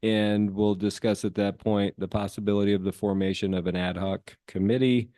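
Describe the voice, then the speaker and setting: Male councilman, lowish mellow voice, calm procedural delivery. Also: moderate pace, dry recording, clean studio sound. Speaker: city councilman. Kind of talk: council meeting discussion. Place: council chamber.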